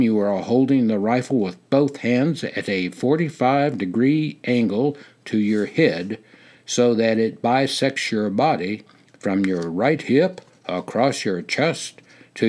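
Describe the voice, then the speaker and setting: Stern drill sergeant barking out steady instructions, slow and firm, an old guy doing the voice. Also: mid-range voice. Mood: commanding. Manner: firm, instructive, louder than narration.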